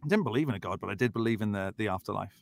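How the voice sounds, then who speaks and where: Animated Southern English man, lively voice. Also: on the low side, very fast, gravelly, no echo, clean studio sound. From south of England. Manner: animated, acts out quoted voices. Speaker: podcast guest. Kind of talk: casual storytelling chat.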